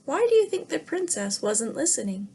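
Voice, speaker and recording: A woman teacher reading a fairy tale to young children in a gentle way, pausing to ask the class questions. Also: sits high, very animated, vocal fry, slight background noise. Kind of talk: read-aloud lesson for young children.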